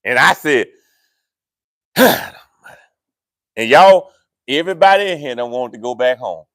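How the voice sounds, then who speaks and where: A male pastor preaches with swooping, lively intonation and a fairly high voice. He teases the congregation in playful asides, and the sound is dry and close. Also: measured pace, pauses often, dry recording. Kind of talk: sermon. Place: church sanctuary.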